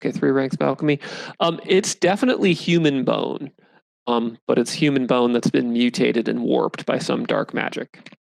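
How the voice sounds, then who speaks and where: A man running a tabletop game as game master, describing scenes and answering players with quick yeps. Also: medium pitch, gravelly, poor audio.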